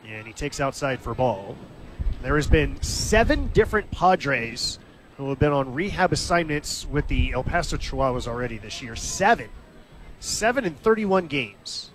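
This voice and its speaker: A man calling live baseball play-by-play in a steady, conversational way, lifting his voice briefly when the action comes. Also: mid-range voice, normal speed, a little hiss or hum. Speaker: play-by-play announcer. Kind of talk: live baseball radio commentary.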